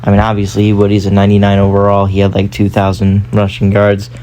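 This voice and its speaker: A man's voice: on the low side, completely flat delivery, fast, mellow, a little hiss or hum. Guy chatting over a football sim, keeps correcting himself, loose rambly delivery. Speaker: gaming YouTuber. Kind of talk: casual gameplay commentary.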